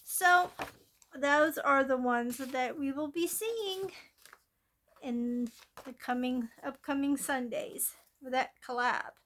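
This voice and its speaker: Her voice sits high and fairly bright, and she takes a slow pace. The woman runs a coloring channel and chats in a wandering, casual way, with fillers and restarts, about her coloring plans, while a phone records from above her craft table.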